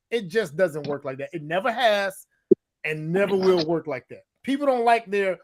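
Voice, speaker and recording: A man's voice: high voice, very animated, moderate pace. A man co-hosting a casual discussion podcast, talking emphatically, repeating himself and acting out quotes. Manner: emphatic, repetitive, acts out quotes. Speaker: podcast co-host.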